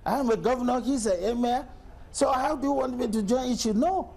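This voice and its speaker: A middle-aged man from Nigeria speaks as a state governor in a televised interview. His voice sits high for a man and carries a gravelly rasp. He argues forcefully, answering criticism with pointed rhetorical questions. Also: moderate pace. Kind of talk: TV news interview.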